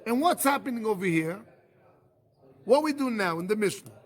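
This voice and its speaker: A man's voice: sits high, expressive, normal speed. A man, a rabbi giving a yeshiva Talmud lecture, who keeps asking rhetorical questions and often repeats and restarts his phrases. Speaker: rabbi teaching a Talmud class.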